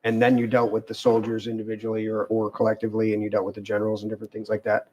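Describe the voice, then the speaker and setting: A man's voice: fairly low pitch, monotone, very fast, a little mellow, highs cut off, slight background noise. A man hosting a casual talk show with co-hosts, reading aloud from a web page with many fillers and restarts. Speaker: podcast host.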